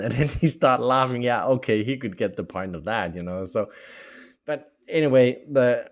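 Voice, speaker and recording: A man's voice: mid-range voice, normal speed. A middle-aged man whose first language is Norwegian, telling his own life story in a chatty way, full of fillers and small laughs. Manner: chatty, with frequent fillers and laughs, acts out quoted dialogue. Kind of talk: casual storytelling.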